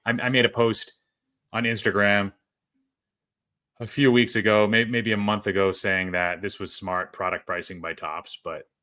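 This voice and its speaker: Podcast host, male, deep and bright-toned, conversational with restarts. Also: flat delivery, normal speed. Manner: conversational, frequent fillers and restarts. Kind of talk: casual chat.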